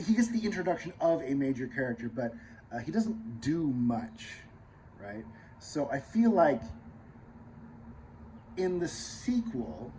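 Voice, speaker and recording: A man with a higher-pitched voice hosts his channel in a rough recording with slight background noise. He talks casually and rambles, with frequent fillers and restarts, sometimes sinking into muttered side comments.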